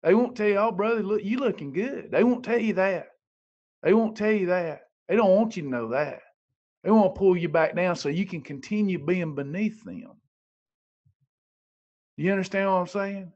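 High-voiced preachy motivational man. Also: normal speed, pauses often, darkish tone, dull audio. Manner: preachy, emphatic, repeats phrases for effect. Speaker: motivational speaker. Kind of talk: motivational livestream talk.

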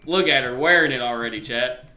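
A man with an American country accent, joking and chatting through a horror game as a streamer, loud when scared. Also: mid-range voice, fairly quick, roomy sound. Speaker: gaming streamer. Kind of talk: live gameplay commentary.

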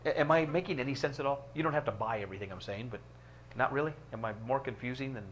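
Male pastor, mid-pitched, conversational teaching with wry asides; faint hum on the track. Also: fast, a bit bright. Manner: conversational, joking asides, reads passages aloud. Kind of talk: teaching a church book study. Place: church room.

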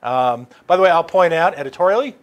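A man's voice: a little high, lively intonation, fast talker. A man hosting a radio talk show, speaking animatedly with many restarts and sarcastic asides. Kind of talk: casual political talk.

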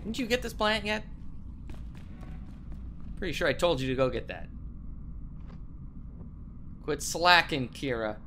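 A young man commentating his gameplay in a goofy, trash-talking way, shouting during fights. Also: fairly high pitch, very animated, measured pace, pauses often, a little hiss or hum. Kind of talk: let's play commentary. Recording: game music behind voice.

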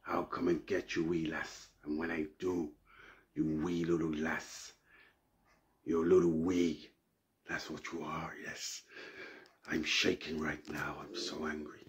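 A man's voice: rumbling low, flat delivery, a little slow. A comedian voicing an enraged action-movie father, who hurls repeated insults and rambling threats at a caller while shaking with anger. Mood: menacing rage. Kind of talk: comic celebrity impression.

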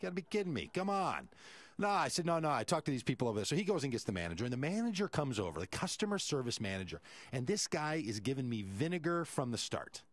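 A man's voice: medium pitch, big pitch swings, fast talker, no echo. A male radio host, telling a story animatedly and acting out the quoted voices.

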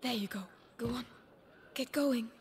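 A blunt young thief. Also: female voice, fairly high pitch, unhurried, slight background noise. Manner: blunt, curt, streetwise.

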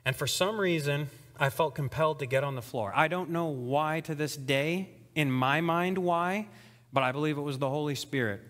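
A young man preaching a sermon, telling his conversion story with shifts between hushed and excited delivery. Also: on the high side, moderate pace, in a large hall. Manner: emotional storytelling, swings between soft and excited. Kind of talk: testimony sermon. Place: church hall.

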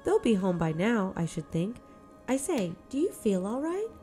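A woman playing a cheerful young schoolteacher in a spooky audio story, chatty and bright, her voice lifting higher than the narration around her. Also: very animated, moderate pace, soft background music, close to an everyday voice.

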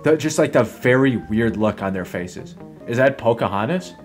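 A man's voice: mid-range voice, animated, moderate pace. A man doing casual gameplay commentary, rambling and swearing, with a lot of laughing and "like" fillers. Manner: rambling, swears often, fills with "like"; laughs often while talking. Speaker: gaming video host. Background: game music.

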